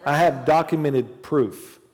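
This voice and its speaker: A man in his mid-forties preaches in a church, his voice sitting a little high for a man. He chats through a personal story, then builds to fervent declarations, and a long reverb trails every phrase. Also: slow pace, a little mellow. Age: 40s. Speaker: pastor. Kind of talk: sermon. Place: church sanctuary.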